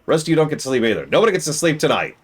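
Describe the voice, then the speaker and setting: A man streaming a game, commenting live and exasperatedly scolding the characters on screen, switching between loud outbursts and low muttering. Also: very animated, racing, a little hiss or hum.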